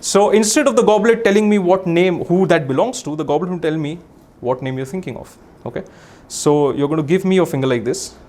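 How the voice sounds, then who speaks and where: High-voiced Indian comedian-magician, playful. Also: male voice, a little fast, few pauses, darkish tone. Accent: Indian English. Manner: playful, teasing, theatrical commands. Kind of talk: live stand-up magic act with audience. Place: live show stage before an audience.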